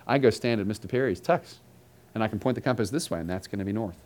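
A man's voice: lowish voice, fast talker, darkish tone. A man preaching a conversational sermon to a congregation in a church building, repeating his phrases and dropping joking asides to the listeners. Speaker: pastor.

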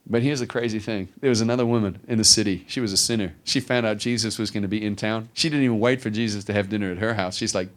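The speaker is a middle-aged man giving a sermon, his voice mid-range and his pace fast with hardly any pauses. Animated throughout, he acts out how the Bible figures speak.

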